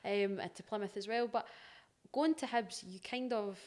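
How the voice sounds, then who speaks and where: A woman's voice: medium pitch, normal speed. A woman hosting a podcast, asking a guest long, chatty questions. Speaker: podcast host, interviewer. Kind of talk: casual interview questions.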